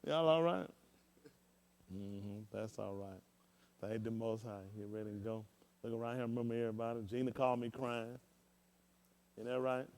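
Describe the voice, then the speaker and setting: A man's voice: medium pitch, moderate pace, pauses often, a little mellow. A man, a pastor, roasting his church members from the pulpit in a joking, rambling way with folksy slang.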